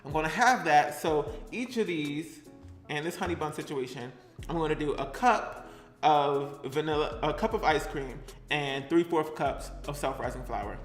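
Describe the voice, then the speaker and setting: Young man, high voice, sassy cooking vlog chatter, echoey room, faint music behind. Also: moderate pace. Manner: sassy, chatty, talks to the camera and to his things. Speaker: cooking vlogger.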